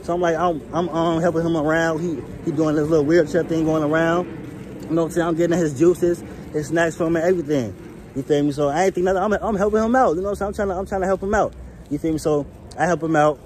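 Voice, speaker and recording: A young man tells his story to the camera in a loose, rambling way. He stops and restarts often and keeps checking in with his listeners. His voice sits a bit high, with a faint hiss of noise behind it. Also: steady tone, fast, darkish tone. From Chicago. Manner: rambling, repeats "you feel me" and restarts, laid-back. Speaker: vlogger.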